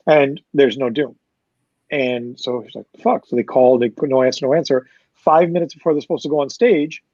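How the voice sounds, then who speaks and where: A man who works as a concert promoter, telling a loose, fast, profane backstage story as a guest. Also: medium pitch, a little mellow, dry recording, muffled recording. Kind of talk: casual storytelling.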